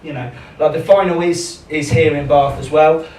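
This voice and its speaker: A young comedian doing a chatty, self-deprecating stand-up set into a handheld mic. His voice sits a touch high, picked up from a distance in an echoey small club. Clear crowd noise fills the background. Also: steady tone, normal speed, a little mellow. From England. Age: young adult. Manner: chatty, self-deprecating, rambling with many ums. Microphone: handheld stage microphone.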